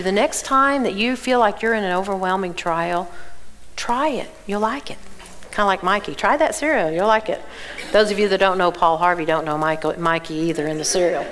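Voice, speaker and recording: Animated Southern woman teaching the Bible. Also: on the high side. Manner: animated, asks the audience questions. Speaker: women's conference speaker. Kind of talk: Bible teaching to a women's conference. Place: church auditorium.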